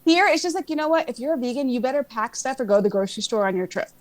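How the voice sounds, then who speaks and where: A woman from Texas talking casually as a podcast co-host. Her voice sits high and swoops all over, and she keeps slipping into lively impressions of the people she is describing. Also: very fast. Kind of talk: casual chat.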